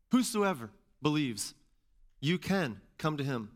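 A man preaching a sermon as pastor and teacher, repeating key phrases and rising to loud stresses. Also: mid-range voice, fairly quick.

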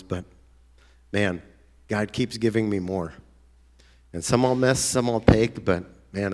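Guy preaching a sermon, lowish voice, chatty and earnest, gets all excited at times. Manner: earnest, conversational, with sudden excited outbursts.

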